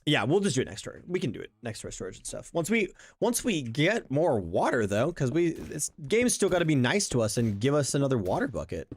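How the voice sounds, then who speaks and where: A man's voice: medium pitch, sing-song, brisk, hardly any pauses, breathy edge. A man streaming a survival game, talking casually and thinking aloud as he plays, often restarting his sentences. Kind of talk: casual gameplay commentary. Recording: faint background game music.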